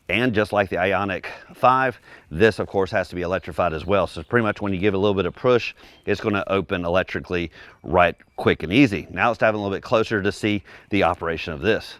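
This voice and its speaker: A man with a deep, low voice walks through a car review in a relaxed, descriptive, conversational way. The sound is dry and close, with no room around it. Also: no echo.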